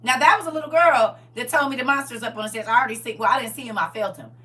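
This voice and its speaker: Bright, animated woman telling stories. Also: fairly high pitch, racing, far from the mic. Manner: animated, emphatic, slangy storytelling. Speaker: livestream host. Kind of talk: casual storytelling to a live audience.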